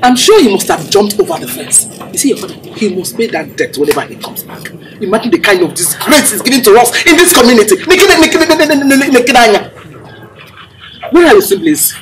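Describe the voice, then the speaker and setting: Scolding Nigerian wife, lively high pitch, Igbo words, noisy movie sound. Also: female voice, fairly quick. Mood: angry. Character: fiery middle-aged wife, loud and scornful.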